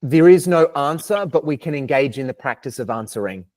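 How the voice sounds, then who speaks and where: A man's voice: mid-range voice, expressive, brisk, a little mellow. Thoughtful Australian man hedging his ideas. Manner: thoughtful, hedging, philosophical, many restarts. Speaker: podcast guest. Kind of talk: casual interview chat.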